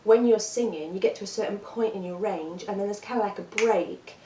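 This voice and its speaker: Woman, singing teacher, calm and encouraging, explains step by step, distant mic, echoey room. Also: mid-range voice, brisk. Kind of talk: vocal workshop instruction.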